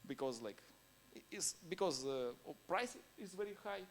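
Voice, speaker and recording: A man's voice: on the high side, expressive, moderate pace, slight background noise. Man speaking non-native English at a conference. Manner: laughs between points. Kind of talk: conference talk.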